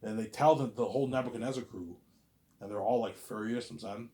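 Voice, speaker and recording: Man, low voice, rambling vlogger who keeps saying "you know what I'm saying" and jumps loud to act out lines. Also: fast talker. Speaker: vlogger pitching a movie idea. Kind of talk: rambling casual monologue to camera.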